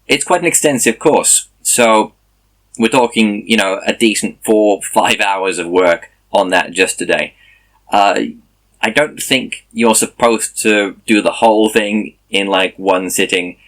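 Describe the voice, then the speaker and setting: A man's voice: fairly low pitch, unhurried, a bit bright. A man speaking, casually recording a video diary about learning a language, tired and explaining as he goes. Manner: chatty, explanatory, self-correcting.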